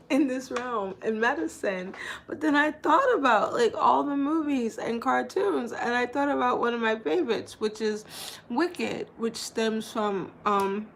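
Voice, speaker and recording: A woman's voice: fairly high pitch, measured pace, a bit bright. A woman in her thirties chatting casually to her vlog viewers, rambling and playful, with lots of "like" and restarts. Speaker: vlogger.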